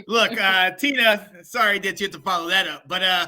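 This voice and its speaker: A man's voice: high-pitched, fairly quick, sharp tone. A man guest hosting a sports talk show, upbeat while introducing the next segment. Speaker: guest host.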